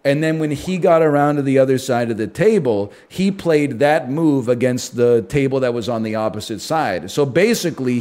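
A male streamer talking casually at a middle pitch. He tells stories in a rambling, animated way, full of asides.

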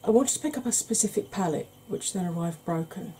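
A woman's voice: medium pitch, expressive, brisk, warm tone, slight background noise. A woman hosting a makeup channel, chatting casually through a tutorial with rambling, self-deprecating asides.

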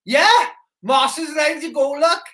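A Welsh man hosting a live interactive children's broadcast in character as a soldier, excitable, shouty and chatty with the viewers. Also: extremely high pitch, a little slow. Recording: roomy echo.

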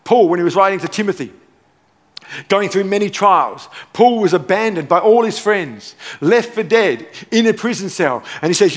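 Emphatic preacher, high voice. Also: male voice, lively intonation, moderate pace. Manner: emphatic, repeats key phrases, playful asides. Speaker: pastor. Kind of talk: sermon. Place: large church auditorium. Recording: long church hall reverb.

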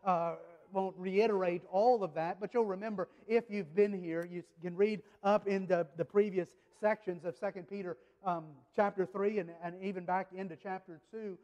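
Pastor, male, high voice, chatty sermon delivery, lots of restarts, live church reverb. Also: a little mellow, lo-fi sound. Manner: conversational, repeats words and restarts, speaks directly to the congregation. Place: church sanctuary.

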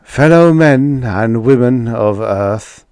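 A man's voice: medium pitch, expressive, slow pace, a little mellow, no echo, clean studio sound. A man doing a cultured, stately Martian announcer. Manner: exquisitely clear, cultured. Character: cultured male Martian broadcaster, grand and calm. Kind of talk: audiobook character voice.

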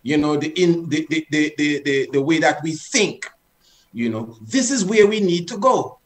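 A man leads a group exercise over a video call. His voice sits slightly high and turns earnest and coaxing. He presses harder and harder as he repeats his instructions. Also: expressive, normal speed. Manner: earnest, coaxing, repeats commands with rising force. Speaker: presenter leading an online session.

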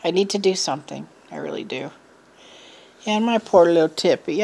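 A middle-aged woman vlogging to her viewers in a rambling, frustrated, venting way, with a low voice. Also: expressive, normal speed, creaky, darkish tone. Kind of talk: casual chat to camera.

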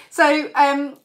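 Chatty woman live-streaming. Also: high voice. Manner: chatty, rambling, many fillers. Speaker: channel host.

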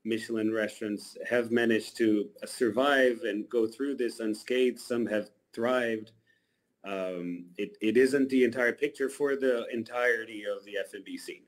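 Relaxed man chef answering questions. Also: on the low side, rough recording. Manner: relaxed, thoughtful, measured. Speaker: chef, interview guest. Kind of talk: radio interview answers.

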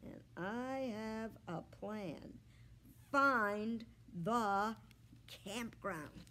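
A woman, a children's librarian, reading a children's book aloud in an expressive, unhurried way. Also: medium pitch.

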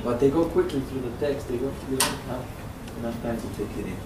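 A man teaching and singing melodies to a group, explaining softly between songs. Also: mid-range voice, brisk, heavy background noise. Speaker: song leader. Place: large hall with audience. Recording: echoey hall, far mic, loud music.

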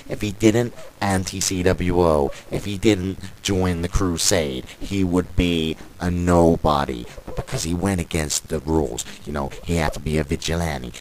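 A man's voice: very deep voice, a little hiss or hum, poor audio. A man doing brash, ranting play-by-play commentary on a wrestling match and hurling insults.

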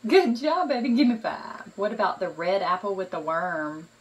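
A mother in playful talk with her baby, slow, sing-song and encouraging. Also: fairly low pitch, distant mic, slight background noise, low-quality recording.

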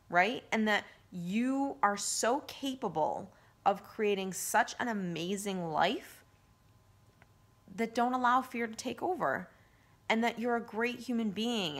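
A woman life coach giving casual self-help advice to camera, earnest and gently coaching, with lots of fillers. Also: mid-range voice, measured pace. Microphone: handheld phone camera.

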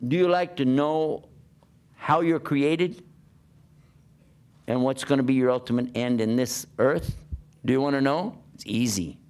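A man's voice: mid-range voice, a little slow, long pauses, a little mellow, clear, resonant tone. A man giving a conversational sermon, asking his listeners rhetorical questions as he preaches. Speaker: Islamic preacher.

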